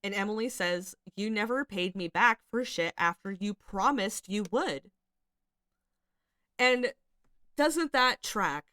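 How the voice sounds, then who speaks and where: A woman hosts a casual commentary channel, reading screenshots aloud and reacting to them in a chatty way, with lots of fillers and free swearing. Her mid-range voice is pushed, bright, and smooth, captured in studio quality with no room sound.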